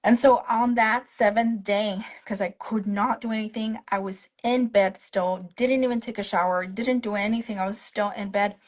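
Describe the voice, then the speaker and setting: A young woman talks into her phone on a live stream in a medium-pitched voice. She tells her story casually and keeps acting out what the other people said. Her delivery is chatty and full of quoted dialogue. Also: moderate pace, few pauses, poor audio. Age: young adult. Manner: animated retelling that acts out the other people's quoted lines. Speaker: guest, stroke survivor. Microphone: phone on a live video stream.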